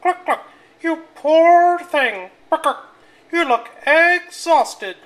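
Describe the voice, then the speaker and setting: A flock of fussing, sympathetic storybook hens that cluck between their words. The voice is squeaky high, loud and stretched out slowly, with faint room noise behind. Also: expressive, heavily acted.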